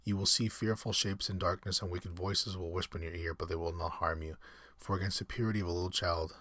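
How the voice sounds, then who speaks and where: A man reading a storybook aloud, voicing a weary, sorrowful old male ghost in a slow, low, sad voice. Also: steady tone, bright, forceful tone, dry recording. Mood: solemn.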